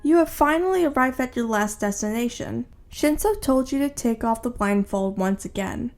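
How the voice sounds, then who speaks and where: Woman, fan-fiction reader, steady plain delivery, slightly high voice. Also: normal speed, soft background music. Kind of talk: second-person fan-fiction narration.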